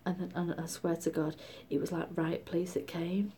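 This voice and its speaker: A middle-aged woman from Britain telling a story in a casual vlog, chatty and animated, often dropping to a whisper. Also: on the low side, moderate pace, slight background noise. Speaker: vlogger.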